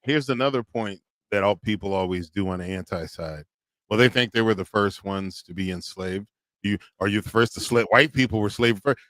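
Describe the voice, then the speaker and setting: A man's voice: lowish voice, a little fast, no echo. Man arguing his point on a podcast. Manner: animated, argumentative storytelling. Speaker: podcast co-host. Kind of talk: casual reaction commentary.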